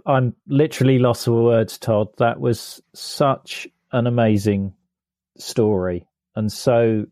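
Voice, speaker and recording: A man hosting an interview podcast, speaking in a halting, slow way. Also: mid-range voice, darkish tone, no echo, clean studio sound. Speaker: podcast host.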